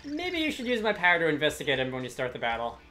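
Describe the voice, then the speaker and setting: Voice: mid-range voice, wildly swooping pitch, racing, pushed and bright, soft background music. Brief: a gamer voicing a little fairy guide, plain informative read. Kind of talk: reading game dialogue aloud.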